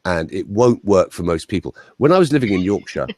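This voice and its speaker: A man with a standard Southern English accent and a fairly low voice that rises and falls a great deal. He tells stories with energy and slips into other people's voices. The sound is dry and close. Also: brisk, dry recording. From Ireland. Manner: animated storyteller, mimics voices. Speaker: voice coach. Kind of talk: interview, anecdotal chat.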